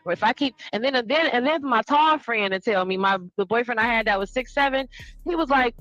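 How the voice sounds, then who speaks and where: A woman in casual chat, telling animated stories and acting out what people said. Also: on the high side, brisk, no echo, dull audio, faint music behind. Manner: animated storyteller acting out quotes.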